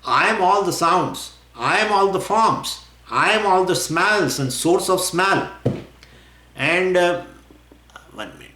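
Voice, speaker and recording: A man teaching scripture in a lecture. He talks in an animated way, acts out imagined questions and often chuckles. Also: sits high, takes it slowly, a little hiss or hum. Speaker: spiritual teacher. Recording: roomy echo.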